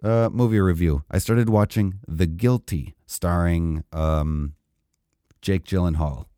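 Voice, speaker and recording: A man's voice: deep voice, takes it slowly, no echo, clean studio sound. Rambling, laid-back podcast co-host man. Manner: relaxed, rambling, self-deprecating. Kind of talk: casual chat.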